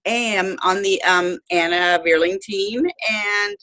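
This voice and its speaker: Flustered, lively woman on a phone call. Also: mid-range voice, slow pace. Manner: flustered, apologetic, laughing. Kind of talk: introducing herself on a video call. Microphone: phone on a video call.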